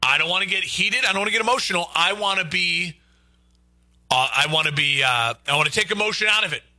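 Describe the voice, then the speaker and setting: A man's voice: high voice, lively intonation, fast talker, bright, forceful tone, dry recording. A man hosting a local sports talk radio show, arguing his points emphatically and repeating them for stress.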